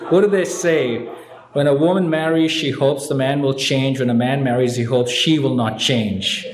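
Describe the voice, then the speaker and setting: A man's voice: medium pitch, steady tone, normal speed. A man from India telling his life story from a podium, wry and self-mocking, with audience laughter in the room. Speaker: recovery meeting speaker. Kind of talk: personal story told from a podium. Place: meeting hall with an audience. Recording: echoey room.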